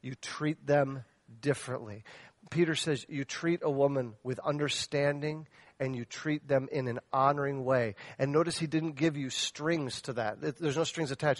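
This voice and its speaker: A man's voice: mid-range voice, steady tone, moderate pace, no echo. Impassioned male pastor, dry sound. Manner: impassioned, swinging from loud exhortation to soft earnest asides; addresses the men directly with questions. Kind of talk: sermon.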